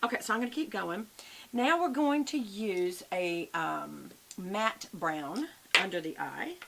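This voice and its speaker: An older Southern US woman, a beauty vlogger, chats in a folksy, friendly way through a makeup tutorial and calls her viewers "y'all." Her voice is medium-pitched, expressive, unhurried, creaky and a bit bright. The low-quality recording carries a faint background hiss.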